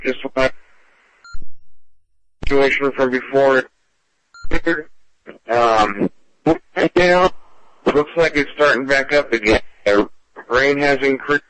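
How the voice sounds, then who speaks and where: A man calls into an amateur radio net with a weather update and talks slowly in broken phrases. The sound is dry, with no room echo. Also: medium pitch, a bit bright. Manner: slow, broken delivery. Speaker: ham radio caller reporting weather.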